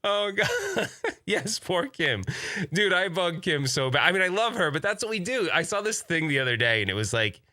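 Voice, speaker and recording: A man's voice: on the high side, big pitch swings, fast talker, hardly any pauses, pushed and bright. A man hosting a casual podcast, talking in an enthusiastic, rambling way with many restarts. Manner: rambling, self-interrupting, enthusiastic. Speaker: podcast host.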